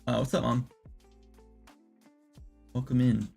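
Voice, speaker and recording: A man with a gravelly, fry-laden voice at a middle pitch talks his way through ideas on a casual livestream. He rambles and circles back, packing his sentences with fillers. Soft music plays faintly underneath him. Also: little pitch movement, takes it slowly. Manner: rambling, filler-heavy, thinks aloud. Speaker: indie game developer streaming.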